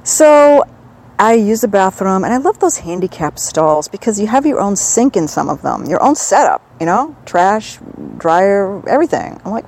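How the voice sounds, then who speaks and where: A woman's voice: medium pitch, sing-song, moderate pace, darkish tone, a little hiss or hum, low-quality recording. A woman from the northern United States, chatting in a digressive, self-amused way into a handheld recorder for her audio diary. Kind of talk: rambling personal audio diary.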